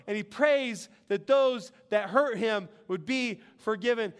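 A man's voice: very high-pitched, smooth. A middle-aged man, preaching a sermon in an earnest, conversational way and telling stories. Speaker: pastor.

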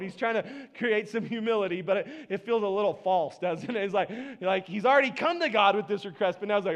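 High-voiced pastor preaching casually. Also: male voice, fairly quick, hardly any pauses. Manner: conversational, animated, dramatizes scripture dialogue with playful asides. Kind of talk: sermon.

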